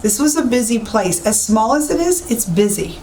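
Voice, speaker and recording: A woman's voice: on the high side, animated, normal speed, darkish tone. A woman psychic medium giving walk-through commentary, speaking emphatically and repeating herself, inside an empty old building. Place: empty old police station indoors. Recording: echoey room, faint background hiss.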